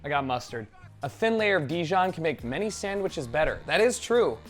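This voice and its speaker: A man's voice: on the high side, very animated, moderate pace, over loud music. Joking, swearing young man cooking live. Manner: joking, profane, rambling commentary with sudden loud outbursts. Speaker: streamer cooking on stream. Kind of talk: casual live-stream chat while cooking.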